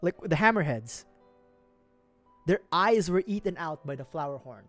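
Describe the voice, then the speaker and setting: A man's voice: fairly high pitch, animated, normal speed, soft background music. A man from the Philippines, streaming, telling a story casually, laughing often and swearing freely.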